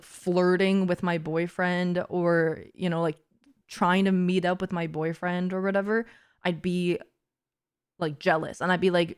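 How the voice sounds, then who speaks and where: A woman's voice: lowish voice, little pitch movement, measured pace, smooth. A young woman livestreamer chatting casually and frankly, laughing often and saying "like" a lot. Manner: frank and giggly, peppered with "like". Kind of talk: casual chat.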